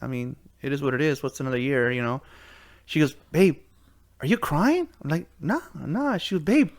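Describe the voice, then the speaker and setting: A man's voice: medium pitch, fairly quick. A middle-aged man co-hosting a podcast, telling sports stories in casual chat, laughing and acting out quotes. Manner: animated storyteller, laughs while telling stories, acts out quotes. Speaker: podcast co-host.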